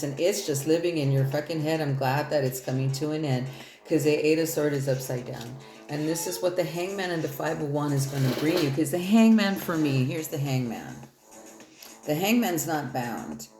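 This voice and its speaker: A woman's voice: low-pitched, moderate pace. A woman giving a loose, rambling tarot reading in casual, profane talk. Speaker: tarot reader. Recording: echoey room with loud music.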